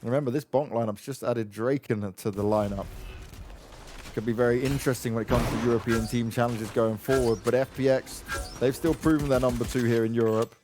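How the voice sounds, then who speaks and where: Guy on a headset doing quick esports play-by-play, faint gunfire and clicks from the game behind. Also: medium pitch, fairly even intonation, noisy background. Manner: fast, punchy play-by-play with teasing banter. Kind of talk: live esports commentary.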